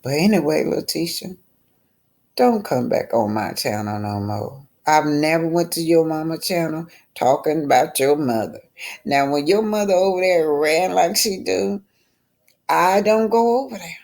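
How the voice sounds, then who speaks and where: A woman's voice: low-pitched, measured pace, a little mellow. A woman hosting a live stream, reading viewer comments aloud and firing back with indignant, mocking retorts.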